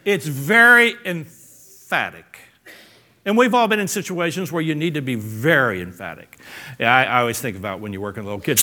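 This is a man delivering a sermon with a bouncy, joking touch. His voice sits slightly high for a man and swings widely up and down. He leans hard on key words and slips into quick acted-out asides. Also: lively intonation, bright, forceful tone. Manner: playful, emphatic, jokes and acts out quotes. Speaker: preacher.

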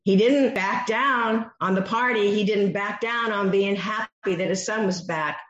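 Woman preacher, slow and expressive, teaching a sermon; echoey, muffled recording. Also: mid-range voice. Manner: expressive Bible teaching, acting out quoted voices. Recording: echoey dull room sound.

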